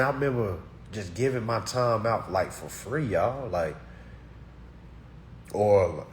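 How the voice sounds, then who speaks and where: A man, giving a blunt, preachy talk to his course students that swings between loud and muttered. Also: mid-range voice, slight background noise. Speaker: course teacher. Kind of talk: blunt motivational rant.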